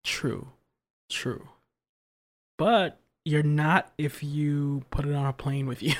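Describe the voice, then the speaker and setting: A podcast co-host telling funny stories in an animated, exasperated way. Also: mid-range voice, slow. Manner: animated storytelling, exasperated humor. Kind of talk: casual chat.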